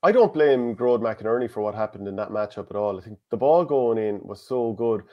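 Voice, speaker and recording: A man's voice: on the low side, lively intonation, a little fast, dull audio. An Irish man co-hosting a podcast, talking through a game in long, detailed analytical runs. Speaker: co-host. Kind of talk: casual sports analysis chat.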